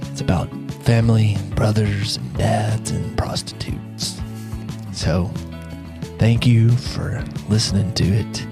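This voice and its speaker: A man's voice: on the low side, fairly even intonation, slow pace, music in the background. A man voicing a folksy male storyteller, drawling and joking.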